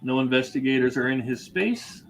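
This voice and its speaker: A man's voice: mid-range voice, expressive, normal speed, gravelly, soft background music, low-quality recording. A man running a board game on a livestream, reading card text aloud between casual chat and laughs.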